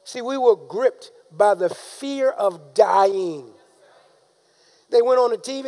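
A man preaching a sermon, calling out to the congregation and rising into shouted emphasis. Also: high-pitched, expressive, takes it slowly. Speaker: pastor.

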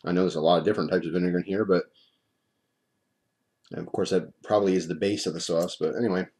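A man reviewing hot sauce on video in a relaxed, rambling way, his mouth burning and drooling as he talks at his desk. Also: sits low, fast, heavy background noise. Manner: relaxed, chatty, rambling with restarts.

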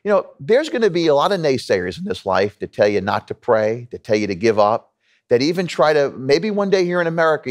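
A pastor preaching a conversational, emphatic sermon with stories and a New York accent. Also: male voice, medium pitch.

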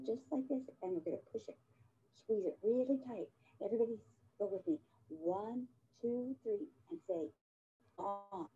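A gentle Mrs. Claus, played by a woman, leads a children's magic show in an unhurried, sing-song voice, high and breathy. She coaxes her young audience along, and the sound is dull and muffled. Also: slight background noise.

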